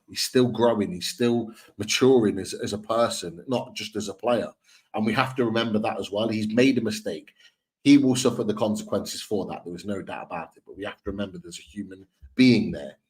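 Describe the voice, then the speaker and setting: A man's voice: fairly low pitch, rough recording. A man co-hosting a live football fan stream, talking earnestly and often repeating and restarting his words. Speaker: football podcast co-host.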